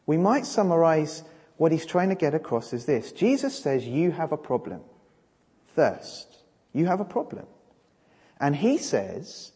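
Animated preacher in a reverberant hall. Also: male voice, a little high, a little slow, breathy edge. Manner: emphatic, rising and falling delivery. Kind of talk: sermon.

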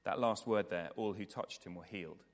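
A man preaching a sermon with earnest, repetitive emphasis, moving between raised passages and hushed ones, then leading a prayer. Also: on the low side, moderate pace. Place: church. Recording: long hall reverb.

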